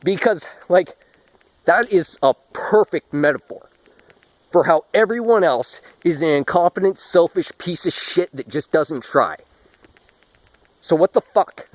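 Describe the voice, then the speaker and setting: A man's voice: a little high, animated, unhurried, no room sound, poor audio. A man ranting with profanity and contempt, a little out of breath. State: a bit out of breath. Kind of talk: ranting monologue to camera.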